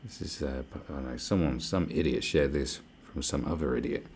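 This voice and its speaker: Deep-voiced streamer with a gravelly edge who swears constantly and mutters in exasperated commentary. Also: male voice, normal speed, a little mellow, slight background noise. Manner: profane, exasperated, muttering to himself. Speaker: live stream host. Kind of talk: ranting live-stream commentary.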